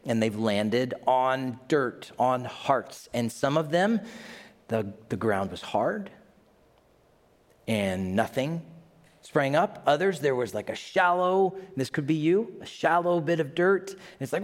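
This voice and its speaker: Animated male preacher in an echoey hall. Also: mid-range voice, a little slow. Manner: conversational, animated preaching with asides. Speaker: pastor. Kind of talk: sermon.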